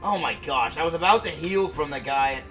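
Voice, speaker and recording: Man streaming a game, reactive, exclaiming, slightly high voice, game music. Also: expressive, fairly quick, bright, forceful tone. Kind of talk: live gameplay commentary.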